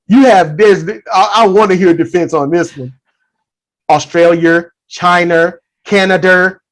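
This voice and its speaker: This is a podcast host with a lively, swooping voice that rises and falls a lot. They talk emphatically and often restart or repeat phrases. The pitch sits in a middle range, and the delivery is casual and conversational. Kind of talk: casual discussion.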